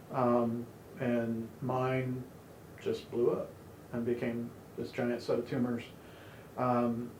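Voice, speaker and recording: A man's voice: mid-range voice, darkish tone, slight background noise. A man sharing his personal testimony in a candid, conversational way, with wry humor and plenty of "you know"s. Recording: roomy echo.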